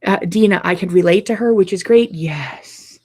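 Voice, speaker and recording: A woman's voice: on the low side, moderate pace, a little mellow, breathy edge. A woman who teaches quilting, chatting casually to viewers in a live update, tired and yawning from lack of sleep.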